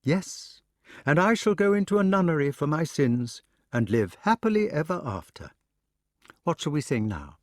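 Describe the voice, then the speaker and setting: A man reading an audiobook, voicing a proud, quick-tempered queen in a raised, scolding voice. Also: fairly high pitch, sing-song, no echo, clean studio sound, pitched above the performer's own voice. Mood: teasing. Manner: sharp, scolding, teasing.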